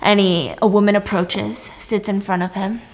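A woman hosting a casual chat, retelling a drama with animated, playful storytelling. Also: mid-range voice, normal speed. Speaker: host.

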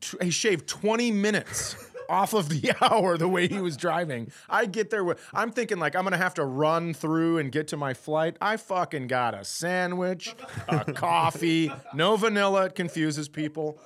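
A man co-hosting a podcast, telling a story in a casual, animated way with plenty of swearing. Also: a little high, moderate pace. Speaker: podcast co-host. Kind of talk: casual chat.

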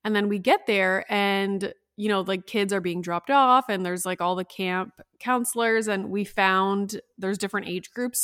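A woman's voice: mid-range voice, a bit bright, smooth, no echo. A woman in her thirties talks through her own story on a solo podcast, recorded at home. She keeps saying "like" and slips into the voices of the people she quotes. The sound is close and dry. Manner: chatty, peppered with "like", acts out quoted voices. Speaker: podcast host.

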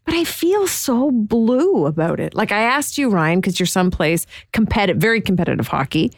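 A woman's voice: medium pitch, big pitch swings, normal speed, no room sound, clean studio sound. A middle-aged woman co-hosting a podcast, earnest and emotional in casual chat. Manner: earnest and emotional, laughs easily. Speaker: podcast co-host.

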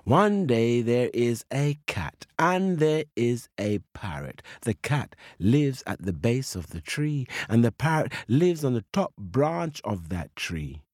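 A male storyteller narrating a children's tale slowly, his pitch rising and falling with a lot of life. The voice sits close to the mic with a dry, plain sound. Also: no echo. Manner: slow, lively, expressive.

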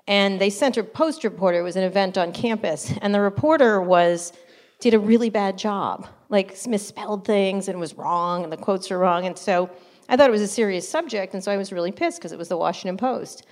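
Animated woman telling stories with laughs. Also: medium pitch, brisk. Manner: animated, laughing asides, acts out quotes. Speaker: interview guest, journalist. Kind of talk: casual storytelling interview.

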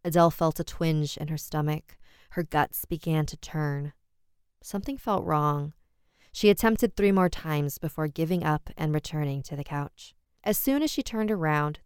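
Low-voiced woman narrating horror. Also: smooth, no echo, clean studio sound. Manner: measured, steady storytelling.

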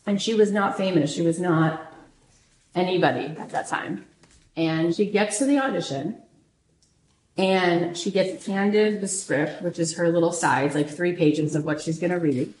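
A woman host tells a story with animated, casual energy, circling back over the same phrases and leaning on "like". Her voice sits on the lower side for a woman. The recording has a roomy echo with a faint hiss behind it. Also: a little slow. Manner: animated, repeats phrases, frequent "like". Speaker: podcast host.

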